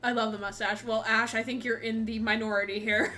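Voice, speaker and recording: A young woman hosting a live game stream, excitable and giggly, chatting casually and swearing now and then. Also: a little high, fairly quick. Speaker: streamer host. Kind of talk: casual live-stream chat while playing.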